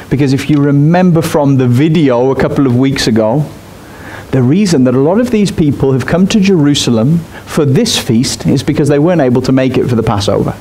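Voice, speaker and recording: A man's voice: medium pitch, warm tone, slight background noise. A man preaching a sermon in a church, speaking directly and emphatically to his congregation. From Australia. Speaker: pastor.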